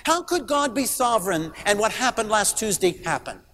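A man's voice: high-pitched, sing-song, normal speed, fairly bright tone, in a large hall, a little hiss or hum. A middle-aged man preaching a sermon in a church, earnest and emphatic, posing rhetorical questions. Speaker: pastor.

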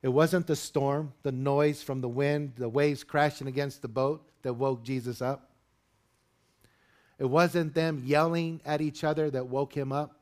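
A man preaching a sermon to his congregation in an earnest, expressive way. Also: a little slow. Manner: earnest preaching, rising loud and high when dramatizing the disciples. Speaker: pastor.

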